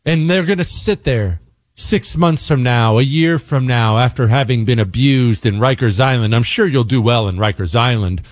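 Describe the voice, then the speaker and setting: A man's voice: medium pitch, moderate pace, no room sound, studio quality. A man hosting a talk radio show, giving an angry, emphatic political monologue and repeating words for stress.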